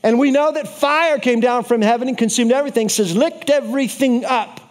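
A man preaching a sermon, telling the story in a lively way with playful asides to his congregation and repeating key phrases for emphasis. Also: very high-pitched, a little fast.

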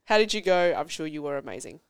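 A woman's voice: low-pitched, expressive, fast talker, clear, resonant tone, dry recording, studio quality. A woman in her thirties, a podcast guest chatting casually and telling stories with laughter and expression. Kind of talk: casual chat.

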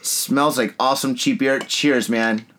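A man's voice: mid-range voice, measured pace, slight background noise. A man hosting a casual drinking podcast, joking and laughing often as he talks. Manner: laughs often, jokey and excitable. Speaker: podcast host.

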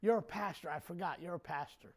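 Man doing a careful, hedging heart doctor, low-key and mild. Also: quick pace, darkish tone. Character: cautious male heart doctor.

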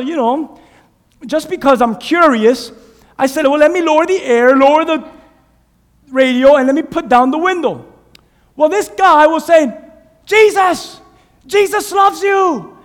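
A man with a very high voice preaches to his church, his words trailing off in the long echo of a large hall. He tells stories with animated energy, rising loud and dropping to a hush. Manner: animated storytelling, swings from loud to hushed. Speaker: pastor. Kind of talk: sermon. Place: church sanctuary.

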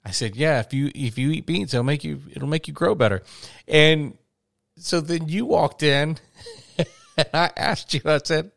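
Middle-aged guy on a podcast, gravelly voice, animated storytelling, dry close mic. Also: a little high, a little slow, no room sound. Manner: animated storytelling, laughs easily. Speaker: podcast co-host. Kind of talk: casual chat.

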